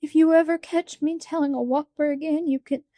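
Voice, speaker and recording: A woman's voice: high-pitched, steady tone, brisk, warm tone, no room sound, pitched above the performer's own voice, lightly acted. A woman voicing an impish six-year-old boy in a storybook reading, pleading and sobbing in childish slang.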